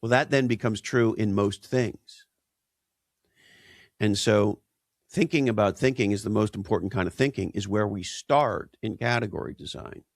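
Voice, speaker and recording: A man's voice: on the low side, normal speed, no echo, studio quality. A man speaking as an interview guest, emphatic and punchy, tossing out rhetorical questions. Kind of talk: conversational interview.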